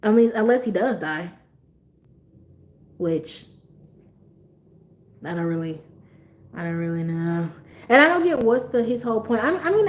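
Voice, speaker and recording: Young woman, stream host, casual and profane; slightly high voice with a very lively, bouncing delivery, quick to laugh. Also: a little hiss or hum. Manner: animated, blunt and profane, laughs often. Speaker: livestream host. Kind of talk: casual livestream chat.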